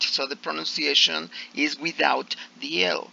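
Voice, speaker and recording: A man teaching an English class talks slowly and haltingly, pausing on fillers as he explains. His voice is bright and edged with gravel. The audio is slightly dull and lo-fi. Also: medium pitch, steady tone. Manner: hesitant, many fillers and restarts.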